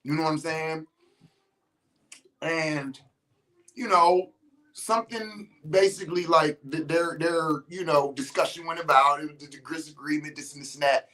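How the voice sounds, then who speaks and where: A man's voice: on the high side, unhurried, pushed and bright, low-quality recording. A man hosting a podcast, talking casually and bluntly to his listeners, swearing freely and stopping to restart his sentences as he tells stories. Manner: blunt, profane and emphatic, storytelling with restarts. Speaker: podcast host.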